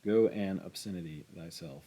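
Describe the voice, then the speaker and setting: A rough, hot-tempered man who barks and curses, as a male reader puts him on. Dark, husky and low, in a storybook reading. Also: moderate pace, poor audio. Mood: angry. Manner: loud, cursing.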